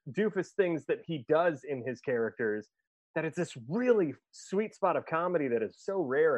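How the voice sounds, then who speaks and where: A man with a voice on the higher side, talking fast and excitedly as he rambles through a film recap and laughs along the way. The sound is dry and close, with a slightly muffled, lo-fi edge. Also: no echo. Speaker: podcast co-host. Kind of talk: casual chat, fast plot recap.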